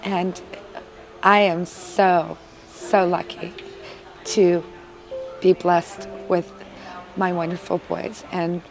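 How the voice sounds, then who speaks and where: A woman's voice: lowish voice, level tone, drawn-out words, vocal fry, pauses often, faint music behind, poor audio. A woman, a mother of three boys, giving an earnest, emotional interview testimonial with frequent filler words.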